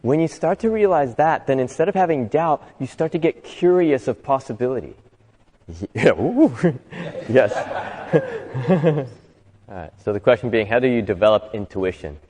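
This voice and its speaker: A man's voice: mid-range voice, lively intonation, a little slow, long pauses, a little mellow. Man giving an inspirational talk in a reverberant hall. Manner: conversational, asks the audience rhetorical questions. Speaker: motivational speaker. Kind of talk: inspirational talk to a live audience. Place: live talk venue.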